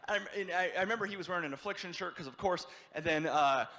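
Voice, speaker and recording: A man from the Midwest doing a stand-up comedy set, telling a story with lots of animation and acting out people yelling. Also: sits high, fast, long reverb tail, slight background noise. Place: comedy show venue.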